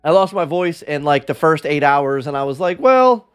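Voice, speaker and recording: A man's voice: on the high side, steady tone, normal speed, clear, resonant tone, soft background music. A man livestreaming in a casual chat, rambling and self-deprecating as he talks with his viewers.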